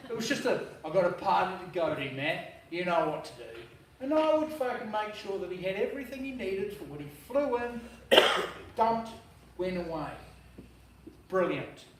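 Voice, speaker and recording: A man with a high voice delivers a casual, blunt eulogy, full of slang and the odd swear word. He sounds distant from the mic in a very echoey room. A faint hum of the room sits behind him. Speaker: brother-in-law giving a eulogy. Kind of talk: informal eulogy at a memorial service. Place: memorial service venue.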